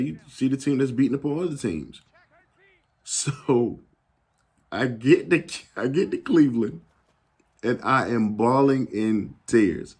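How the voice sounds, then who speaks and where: A young adult man telling a casual story in an animated, slangy way, acting out the people he quotes. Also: mid-range voice, husky. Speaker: YouTube gaming channel host.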